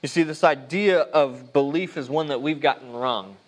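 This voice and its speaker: Male pastor, higher voice, earnest conversational sermon with restarts. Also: moderate pace. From United States.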